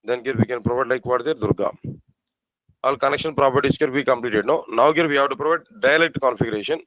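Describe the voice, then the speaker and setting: A man teaching a programming class, asking his students rhetorical questions and spelling out code slowly. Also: medium pitch, a bit bright, no room sound, low-quality recording. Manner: asks the class rhetorical questions, repeats phrases. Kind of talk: live coding lecture.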